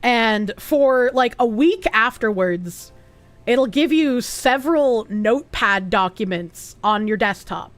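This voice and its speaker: A woman's voice: on the high side, lively intonation, takes it slowly, dry recording, soft background music. A woman streamer chatting casually, answering viewer chat aloud and swearing freely.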